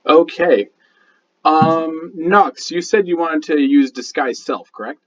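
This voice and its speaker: A man's voice: on the high side, slow, noisy background. A man narrating a tabletop game as dungeon master, rambling with lots of fillers and restarts. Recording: dull lo-fi sound.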